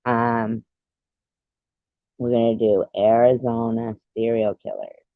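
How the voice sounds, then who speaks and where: Slow, giggly woman on a lo-fi stream. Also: extremely low pitch, fairly even intonation, no room sound. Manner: giggly, rambling joke-teller. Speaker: livestream host. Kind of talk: casual chat with viewers.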